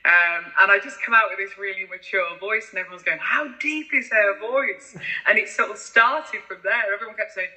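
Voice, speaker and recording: A woman with a deep voice, telling animated stories as a podcast guest. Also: brisk, hardly any pauses, rough recording. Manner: animated, acts out voices in anecdotes. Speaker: guest singer-songwriter. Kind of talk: casual interview storytelling.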